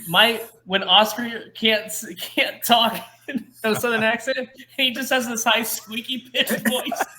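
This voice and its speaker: A young man co-hosting a podcast, an animated storyteller who laughs and slips into put-on voices. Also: very high voice, a little slow, slight background noise. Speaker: podcast co-host. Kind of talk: casual chat.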